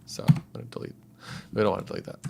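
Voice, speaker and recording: A man's voice: racing, warm tone. A man livestreaming as a composer, talking casually and rambling with many fillers and chuckles.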